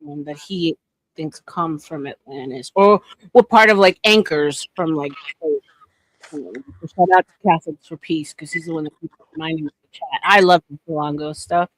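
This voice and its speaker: A woman's voice: deep voice, moderate pace, no room sound. A woman hosting a casual livestream, rambling with lots of fillers and laughing often. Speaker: livestream podcast host.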